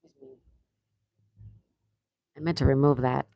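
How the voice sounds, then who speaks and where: A woman's voice: very deep voice, fairly even intonation, a little slow, creaky, warm tone, no echo. A woman hosting a casual live stream, chatting and laughing as she greets viewers and answers their comments. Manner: laughs often. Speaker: livestream host. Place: home in Florida.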